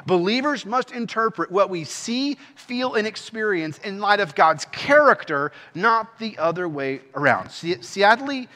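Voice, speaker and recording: A man's voice: sits high, sing-song, moderate pace, few pauses, pushed and bright, long reverb tail. A man preaching an earnest sermon as pastor, rising into impassioned pleas.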